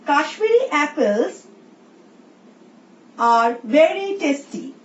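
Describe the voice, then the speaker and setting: A woman teacher with an Indian English accent, slowly explaining a recorded English lesson and reading example sentences aloud. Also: sits high, lively intonation. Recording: roomy, distant, dull sound with faint hiss.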